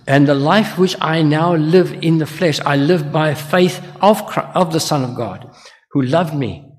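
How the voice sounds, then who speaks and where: An older man preaching a sermon as a minister, earnest and full of rhetorical questions to his congregation. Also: on the high side. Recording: long hall reverb.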